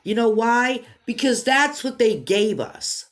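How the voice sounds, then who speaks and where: A woman talking to her viewers in an emotional commentary monologue, emphatic and repetitive, swinging between quiet and loud stretches. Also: fairly high pitch, lively intonation, takes it slowly. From United States. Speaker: commentary vlogger.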